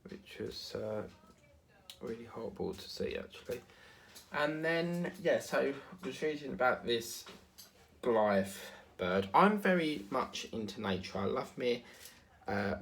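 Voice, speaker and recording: A diamond painting vlogger from England, with a lowish, gravelly voice and an Essex accent tinged with South African, chats casually while working on his craft. He meanders, full of fillers and asides, and there's slight background noise.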